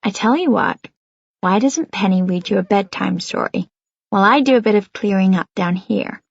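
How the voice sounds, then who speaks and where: Woman reader as a kind young man, soft and husky, muffled dull sound. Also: lively intonation, moderate pace, dry recording. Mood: gentle. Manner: soft, low-key, hushed.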